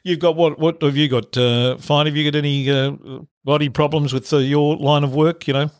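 A man's voice: fairly high pitch, fairly even intonation, moderate pace, smooth. A man hosting a casual chat, asking eager questions. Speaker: host.

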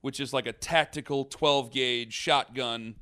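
A man casually telling a long story on a podcast, rambling and animated, with many restarts. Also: medium pitch, unhurried, clean tone. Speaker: podcast host.

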